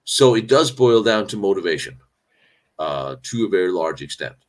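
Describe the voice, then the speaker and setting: A man with a low voice and big pitch swings speaks at normal speed as he hosts a battlefield history Q&A live stream. Indoors on location during his travels, he rambles candidly, restarts often, and throws in sarcastic remarks.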